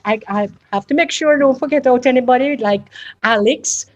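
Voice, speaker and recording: Woman guest speaker, bright higher pitch, chatty and self-deprecating. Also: fairly quick, lo-fi sound. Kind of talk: informal thank-you speech.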